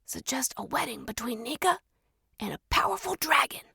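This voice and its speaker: A woman narrator voicing an impatient, sarcastic male court member who speaks in a dry, brisk way. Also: high-pitched, lively intonation, creaky, pushed and bright, husky, dry recording, exaggerated voice.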